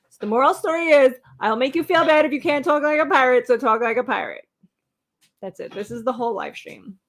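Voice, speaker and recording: A woman in her thirties with a fairly high voice, co-hosting a casual livestream. She teases, rambles and rattles off viewer names over a webcam mic. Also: a little fast, a bit bright. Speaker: co-host of a livestream show.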